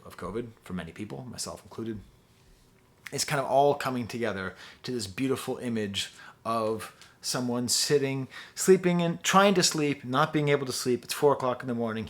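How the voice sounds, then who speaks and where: Male music reviewer, excited and rambling, average pitch. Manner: enthusiastic, rambling, many fillers. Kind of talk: album review monologue.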